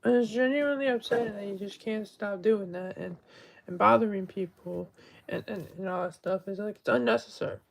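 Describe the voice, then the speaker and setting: A man's voice: sits high, a little fast, vocal fry, rough recording. A man on a casual livestream, rambling with many fillers and restarts, upset and pleading.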